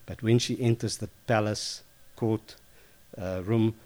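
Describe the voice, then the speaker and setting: A man retelling a Bible story informally, lively and conversational, with fillers and self-corrections. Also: lowish voice, a little slow.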